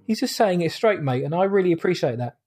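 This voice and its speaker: A man hosting a podcast in a relaxed, informal chat. His voice sits a little higher than most men's. He speaks loosely, throwing in "mate" as he goes. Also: fast, husky. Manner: chatty, informal, says "mate". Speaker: podcast host. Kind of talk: casual chat.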